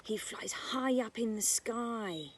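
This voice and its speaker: A woman's voice: a little high, expressive, slow, a little hiss or hum. A British woman who teaches nursery, reading a picture book about birds to young children outdoors in a garden, using a sing-song storytime voice. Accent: British English.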